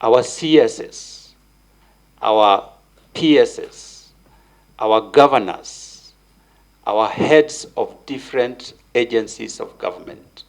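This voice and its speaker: A man's voice: mid-range voice, slow, gravelly, rough recording. An older man with a Kenyan English accent, giving emphatic, preacherly testimony at a parliamentary vetting and repeating his key words. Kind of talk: formal testimony before a committee.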